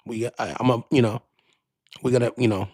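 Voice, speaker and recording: A man's voice: medium pitch, steady tone, moderate pace, darkish tone, dry recording. A man hosting a podcast, ranting casually in a profane, rambling way, often restarting his sentences, into a studio microphone. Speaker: podcast host. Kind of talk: casual rant.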